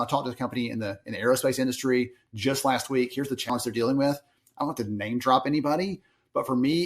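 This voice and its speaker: Southern US man, podcast guest, lively anecdotal delivery with quoted voices. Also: mid-range voice. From Alabama, US. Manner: animated storyteller, acts out quoted voices. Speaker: podcast guest, research analyst. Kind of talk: casual interview chat.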